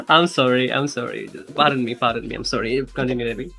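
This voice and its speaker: A man casting live esports, earnest in his analysis and quick to tease and laugh with his co-caster. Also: mid-range voice, gravelly, pushed and bright, breathy edge, faint music behind. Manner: teasing, earnest, laughs easily.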